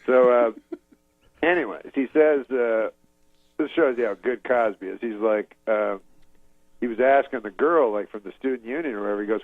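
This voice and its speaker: A man from Canada telling a rambling story in a deadpan, casual way, laughing at his own jokes, over a video call. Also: medium pitch, moderate pace, no echo. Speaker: comedian guest. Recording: dull lo-fi dry sound.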